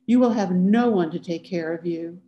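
A woman's voice: fairly low pitch, normal speed, mellow, highs cut off, slight background noise, close to an everyday voice. A woman reading as a despairing drunk husband. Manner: weak, whimpering, pleading.

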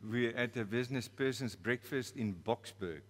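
A man's voice: medium pitch, moderate pace, long reverb tail. A man with a South African accent preaching a storytelling sermon in a church, playful and laughing at his own story.

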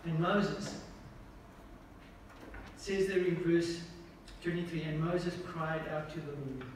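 High-pitched male pastor preaching, keeps asking the congregation stuff, loud then hushed, big echoey hall, mic far off. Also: fairly even intonation, slow, slight background noise. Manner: asks the congregation repeated questions; swings between loud emphatic lines and hushed quiet ones. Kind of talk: sermon.

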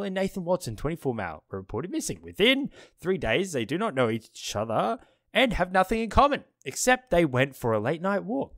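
A man playing a horror game, talking himself through it, reading notes aloud, swearing and yelling at jump scares. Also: medium pitch, no echo, studio quality. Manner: jumpy, swearing, screams at scares. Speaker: gaming streamer. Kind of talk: horror game let's play commentary. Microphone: desk microphone.

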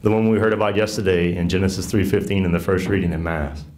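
A catechist with a low, deep, darkish voice and a Southern US accent teaches a group workshop on faith and marriage. He talks quickly and earnestly in a folksy, conversational way with fairly even intonation. He keeps checking in with listeners through frequent "right?" asides.

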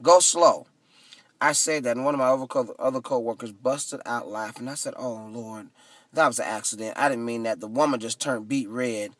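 A man casually vlogging into his phone, retelling his day with lively, dramatic asides. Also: mid-range voice, a little fast, no echo, far from the mic. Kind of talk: casual storytelling vlog. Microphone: phone camera.

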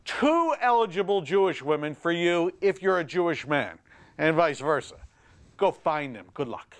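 A man's voice: a little high, very animated, moderate pace, clean tone. A middle-aged man hosting a comedy show, delivering an exasperated, self-mocking stand-up monologue. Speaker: host.

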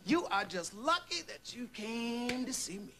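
A man's voice: very high voice, big pitch swings, pushed and bright, a little hiss or hum, full character voice. An actor playing a brash, self-important male Secret Service agent who talks in blustery bursts. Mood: boastful. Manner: boastful, fast bursts of bluster.

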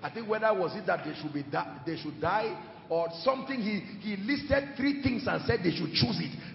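A man preaching a sermon with impassioned, shouted peaks, recorded in a large church hall. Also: high-pitched, expressive, normal speed, vocal fry, a little hiss or hum. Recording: echoey hall, dull sound, music behind. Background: music.

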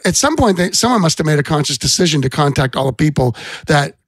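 A man's voice: a little high, big pitch swings, fast, slightly rough, no echo. A middle-aged man and songwriter telling rambling stories as a guest on a casual podcast. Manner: rambling anecdotes with restarts. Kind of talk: casual storytelling chat.

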